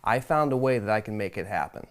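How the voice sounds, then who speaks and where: Man rehearsing an earnest sales pitch. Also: animated, fast. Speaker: student rehearsing a video pitch.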